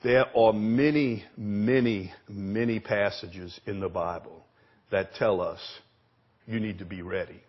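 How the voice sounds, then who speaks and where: A man preaching a sermon as pastor, emphatic, repeating words and asking the congregation questions, with a husky voice. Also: on the low side, steady tone, a little slow, dull audio. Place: church sanctuary.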